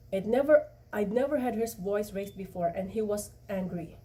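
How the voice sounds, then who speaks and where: A woman reads a novel chapter aloud in a mellow, soft-edged voice. She stumbles now and then and restarts lines. Her voice sits a little back from the microphone. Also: mid-range voice, recorded from a distance. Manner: halting, with restarts and slips. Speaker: reader.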